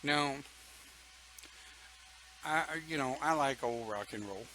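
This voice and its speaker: A man's voice: mid-range voice, slow pace, sharp tone, slight background noise, rough recording. An older man leading an online pagan church talk, folksy and chatty, reading viewer comments and laughing often.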